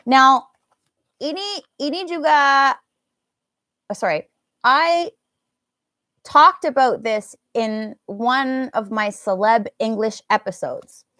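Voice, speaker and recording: A woman's voice: sits high, slow, pauses often, pushed and bright, no room sound, clean studio sound. A woman with an American accent teaching a live English lesson, enunciating words carefully and slipping into Indonesian phrases. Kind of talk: live online language lesson.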